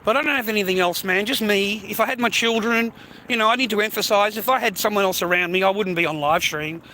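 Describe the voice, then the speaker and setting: Australian man, loose walk-and-talk streamer, high bright voice, faint street noise. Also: fast talker. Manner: chatty, rambling, peppers speech with "mate" and "bro", swears. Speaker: live streamer. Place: outdoors, walking along streets. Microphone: phone held while walking.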